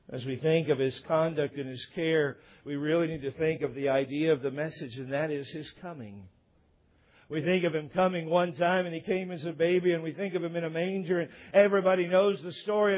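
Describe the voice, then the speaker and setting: A man's voice: sits high, muffled recording. A man preaching a sermon as pastor, building to emphatic points.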